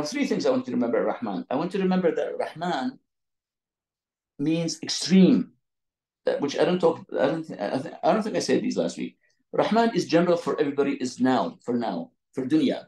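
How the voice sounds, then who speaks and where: A man teaching an online Quran lesson over a video call from his phone, explaining with lots of repetition and quick restarts. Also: on the high side, darkish tone, reverberant, low-quality recording. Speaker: Islamic teacher.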